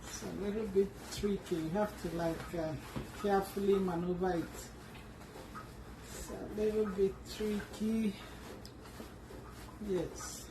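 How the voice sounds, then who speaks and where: A woman giving an unhurried, step-by-step sewing tutorial, often restarting her sentences as she works. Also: medium pitch, steady tone, distant mic, noisy background. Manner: unhurried, restarts and fillers while working. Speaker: sewing instructor. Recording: echoey room, voice from off the mic.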